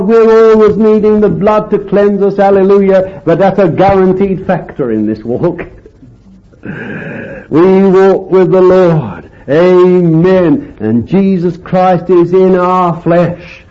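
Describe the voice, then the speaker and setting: A fervent man preaches a sermon, rising to loud exclamations and dropping to quiet asides. His voice sits a bit high, and the recording sounds dull and lo-fi.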